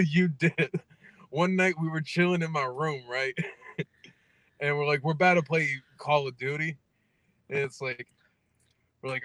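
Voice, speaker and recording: A man's voice: a little high, fairly even intonation, measured pace, long pauses, fairly bright tone, dry recording. A young man hosting a podcast, telling profane, laughing stories in casual chat. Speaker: podcast host.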